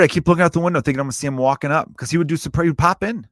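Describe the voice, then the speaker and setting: Racing along in a somewhat high, slightly bright voice, a man in his thirties rambles through a casual storytelling monologue on his podcast, swearing freely and breaking off mid-sentence. The recording is dry, with clean studio sound.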